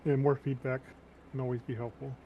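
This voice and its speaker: A man co-hosting in casual chat, chiming in with relaxed, practical points. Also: medium pitch, a little fast, muffled recording, a crowd in the background.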